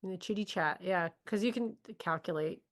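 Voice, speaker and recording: Low-voiced chatty woman on a podcast. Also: moderate pace. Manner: chatty, blunt, swears. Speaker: podcast co-host. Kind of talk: casual chat.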